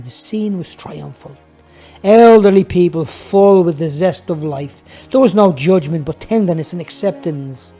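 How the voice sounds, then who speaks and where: A man reads his own memoir aloud, unhurried and reflective. His voice sits a little high for a man but sounds warm and mellow. Gentle music plays faintly underneath. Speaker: author narrating his own book. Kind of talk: audiobook narration.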